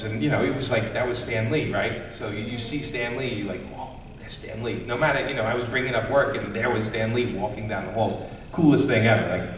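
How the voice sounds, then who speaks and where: A middle-aged man, a comics creator on a convention panel, telling animated, jokey stories with lots of fillers. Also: medium pitch, a little hiss or hum. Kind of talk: casual storytelling. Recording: echoey hall from far off, crowd.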